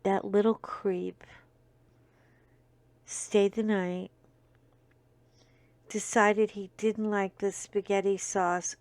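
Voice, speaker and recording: Slow, rambling middle-aged woman, sniffly. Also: mid-range voice, no echo. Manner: rambling, full of fillers and asides. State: sniffly from a stuffy nose. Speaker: host. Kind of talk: casual storytelling chat.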